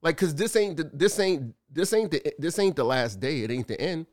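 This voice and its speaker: A man's voice: a little high, moderate pace. Guy chatting casually on a podcast, storytelling, lots of "like" and acting out what people said. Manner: animated storytelling, lots of fillers, acts out quotes. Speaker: co-host, store owner. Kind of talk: casual chat.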